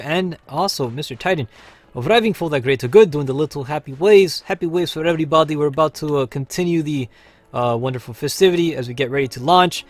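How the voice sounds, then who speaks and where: Chatty man hosting a gaming stream. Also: medium pitch. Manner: chatty, upbeat, talks to viewers while playing. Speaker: livestream host. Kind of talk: casual gaming livestream commentary.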